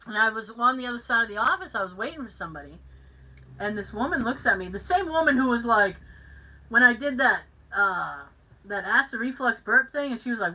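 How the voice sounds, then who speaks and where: A woman hosts a podcast in casual chat, animatedly acting out the voice of every person in her anecdotes. Her voice is on the high side, she talks fairly quickly, and the recording is rough.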